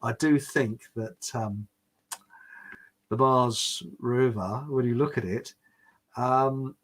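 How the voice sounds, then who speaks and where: A man's voice: medium pitch, slow, a bit bright. An older man with a British accent, hosting a casual livestream chat, rambling with restarts, chuckling often and reading out viewer comments. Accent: British English. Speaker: livestream host.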